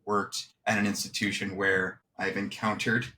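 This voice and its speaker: A man's voice: lowish voice, level tone, moderate pace, sharp tone, slight background noise. A man in his thirties, a podcast guest, talking casually and self-deprecatingly with lots of fillers over a video call. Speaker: podcast guest, exercise physiology researcher. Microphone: webcam setup, video call.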